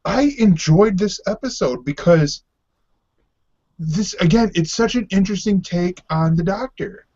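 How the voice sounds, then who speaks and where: Easygoing male co-host, slightly high voice, fumbling with fillers, muffled audio. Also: measured pace, darkish tone. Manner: hesitant, many ums, easygoing, laughs often. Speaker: podcast co-host. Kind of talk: casual chat about TV. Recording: dull lo-fi sound.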